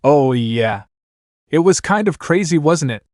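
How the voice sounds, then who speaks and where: A man's voice: a little high, animated, unhurried, a little mellow, dry recording, studio quality, voice pushed up. A man voicing a devout young male exorcist with a pleading, earnest manner.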